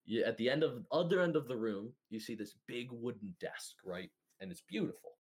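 A man's voice: medium pitch, sing-song, a little fast, breathy edge. A man narrating a tabletop game as game master, casual and rambling, with fillers and laughs.

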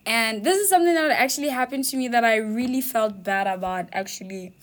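A woman's voice: on the high side, brisk. A young woman from Botswana hosting a podcast in casual chat. She laughs often and keeps asking "you know what I mean". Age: young adult. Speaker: podcast host.

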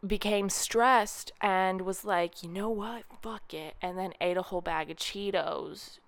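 A young woman hosting her podcast, ranting in a casual, sarcastic and petty way, mocking other people's words in a higher voice. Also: smooth, no room sound. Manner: chatty, sarcastic and petty, mimicking others in a high voice. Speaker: podcast host.

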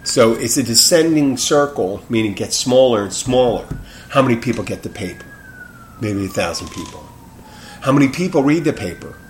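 A man's voice: mid-range voice, animated, moderate pace, a little hiss or hum. A man hosting his own podcast in a casual solo monologue, rambling and restarting his sentences, speaking frankly with the odd curse. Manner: rambling, self-interrupting, frank and profane. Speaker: podcast host.

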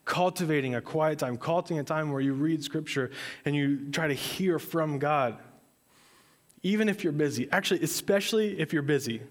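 A man in his thirties, a pastor preaching a sermon in a conversational, earnest storytelling way. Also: medium pitch.

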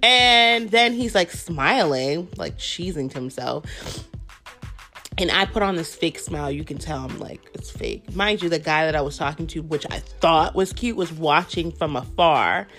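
A woman's voice: sits low, measured pace, faint music behind. A woman in her twenties chatting casually to her viewers, telling a story bluntly with plenty of swearing while she snacks. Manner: blunt, profane, animated retelling. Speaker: vlogger.

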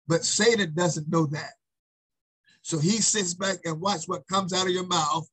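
Husky high-voiced male preacher. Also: fairly bright tone, low-quality recording. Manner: emphatic, repetitive call-and-response preaching. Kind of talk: sermon.

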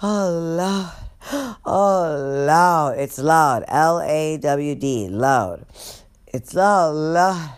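A woman's voice: low voice, expressive, very slow, smooth, exaggerated voice. A woman doing a breathless tired old guard. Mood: weary. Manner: groaning, weary sighing. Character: tired older woman corrections officer, breathless, doting.

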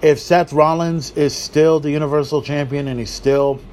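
A man with a somewhat high voice hosts a podcast on his own. He talks in a loose, excitable way, swears freely and keeps breaking off into little asides. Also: moderate pace, a little hiss or hum. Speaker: podcast host. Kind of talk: solo wrestling podcast talk.

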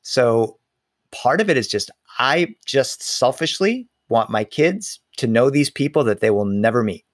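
A middle-aged man and storyteller speaking in a lively, conversational way, slowing down to linger on details. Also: mid-range voice, no echo, clean studio sound. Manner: animated, slows down on details, many restarts. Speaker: storyteller and author.

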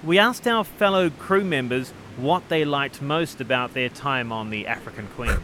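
Bright-voiced Kiwi man vlogging. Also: medium pitch, moderate pace, a little hiss or hum. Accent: New Zealand. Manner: wry, upbeat, joking. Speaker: travel vlogger. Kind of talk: casual travel vlog narration.

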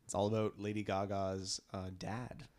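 A man's voice: fairly low pitch, little pitch movement, moderate pace, darkish tone. A man co-hosting a casual chat, telling stories in an enthusiastic, rambling way. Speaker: podcast co-host.

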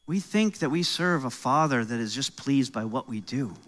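A man's voice: medium pitch, lively intonation, moderate pace, a bit bright. A middle-aged man from New York with an American accent, preaching a sermon as pastor in a conversational, joking way with rising emphasis.

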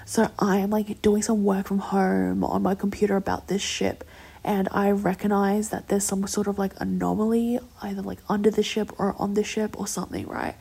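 Young woman with a gravelly, husky voice. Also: medium pitch, level tone, moderate pace. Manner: rambling, many "like" fillers, drops into soft whispers. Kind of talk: casual storytelling monologue.

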